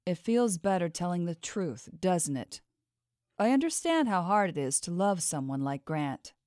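Audiobook role: cold, manipulative woman of the house, smooth and quietly menacing, read by a woman. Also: fairly low pitch, sing-song, measured pace, no room sound, studio quality. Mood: coldly probing. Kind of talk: audiobook character voice.

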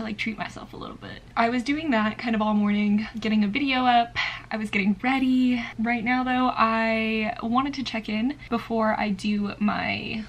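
A woman's voice: on the high side, slight background noise. A woman chatting casually in a home vlog about books and her day, using lots of "like". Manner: chatty, filler-heavy, lots of "like". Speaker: book vlogger.

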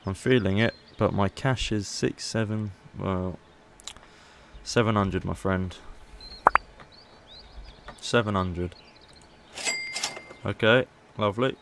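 A man's voice: fairly low pitch, takes it slowly, gravelly, long pauses, noisy background. A man casually commentating gameplay as a YouTuber, chatty and playful. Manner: chatty, playful, haggling asides. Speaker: gaming YouTuber.

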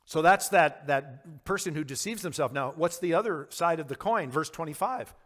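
A man's voice: a little high, animated, moderate pace, a bit bright. A man teaching a verse-by-verse Bible study as a pastor, earnest and questioning his audience, sometimes acting out quoted lines. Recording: long hall reverb.

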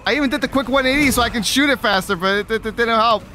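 A man's voice: extremely high pitch, fast talker, sharp tone, a little hiss or hum. A man streaming a horror game, swearing, exasperated and repeating himself in panic. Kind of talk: live gameplay commentary.

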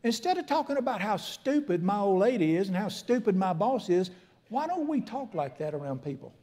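A man's voice: sits high, sing-song, a little fast, darkish tone. A middle-aged man, preaching a folksy, emphatic sermon as a pastor in a church. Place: church sanctuary.

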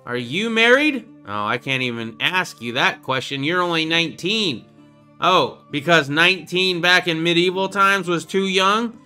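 A man's voice: on the high side, measured pace, bright, forceful tone, clear, resonant tone, faint music behind. A young man casually commenting on his own gameplay, joking around and reading out the game's dialogue. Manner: playful, joking, reads out game dialogue. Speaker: gaming channel host. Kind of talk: casual let's-play commentary.

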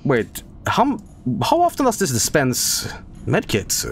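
Animated laughing streamer man, lively pitch. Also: unhurried, a little hiss or hum. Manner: animated, laughing, swearing, with sudden loud outbursts. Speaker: game streamer. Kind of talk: casual storytelling on a live stream. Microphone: desk microphone.

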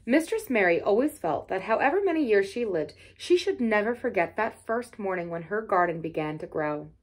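A woman reading a children's novel aloud in a calm, even narrating voice. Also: mid-range voice, normal speed. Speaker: storybook reader. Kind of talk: storybook narration.

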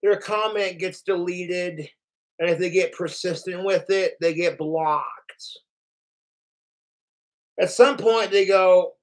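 A man's voice: sits high, slow, pauses often. A man hosting his livestream, ranting casually and profanely, acting out the lines of others. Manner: profane, boastful, acts out quoted lines. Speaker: livestream host.

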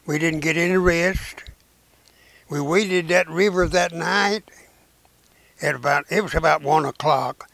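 A very old man with a gravelly voice, pitched a little high, tells his war memories very slowly. He stops often with "uh" and starts his sentences over. He was recorded close to the mic in a dry room. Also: fairly bright tone, no echo. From Arkansas, United States. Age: 90s. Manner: slow, halting storytelling with many "uh"s and restarts; folksy rural speech. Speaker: war veteran and preacher. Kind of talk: recounting memories in an interview.

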